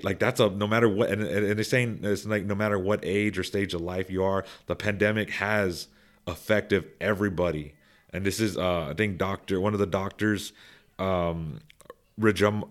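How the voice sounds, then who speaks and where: A young man with a lowish voice talks through his opinions in loose podcast chat. He rambles, restarts sentences and repeats words, then speeds up or gets louder when he makes a point.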